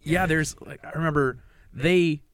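A man telling a story in a casual, profane chat, acting out quotes with lively energy. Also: a little high, unhurried.

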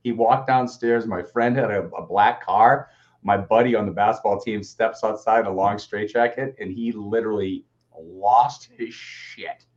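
A man co-hosting a casual show, telling a story in an animated way, swearing and acting out quotes. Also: on the low side, unhurried. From Boston area. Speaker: co-host. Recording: dull lo-fi audio.

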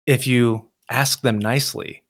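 A man's voice: mid-range voice, a little slow. A man in his thirties, an army veteran guest in a casual interview, telling stories and acting out quoted dialogue with laughs. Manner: animated storyteller, acts out quoted dialogue with laughs.

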